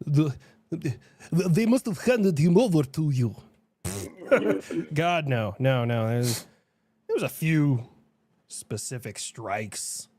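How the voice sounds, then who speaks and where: A man delivering a comedic commentary video in a deadpan, sarcastic way. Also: a little high, slow pace, pauses often. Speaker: video creator. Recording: dry close studio sound.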